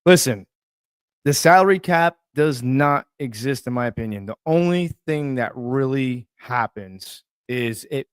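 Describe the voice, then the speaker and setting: A man's voice: medium pitch, lively intonation, measured pace, clean tone, no room sound. Man, sports co-host, laid-back, repeats phrases, dry studio sound. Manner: laid-back, repeats himself, joking asides. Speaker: podcast co-host. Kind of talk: sports talk banter.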